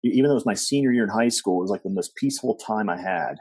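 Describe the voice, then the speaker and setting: Middle-aged male podcast guest, rambling storyteller, low and mellow voice, husky and dry. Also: racing, no echo. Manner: rambling with many fillers and restarts, animated quoting. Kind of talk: storytelling interview.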